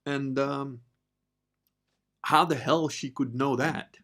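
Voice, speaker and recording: A man from Italy hosting a podcast, telling a personal story in a casual, profane, animated way that moves between quiet asides and loud bursts. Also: medium pitch, slow. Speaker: podcast host.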